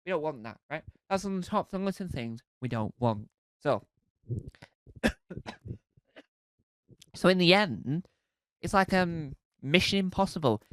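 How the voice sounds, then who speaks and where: Animated stand-up comedian. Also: male voice, fairly high pitch, a little slow, pauses often, smooth, no echo. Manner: animated, acts out scenes with sung riffs and shouts. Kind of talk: stand-up routine.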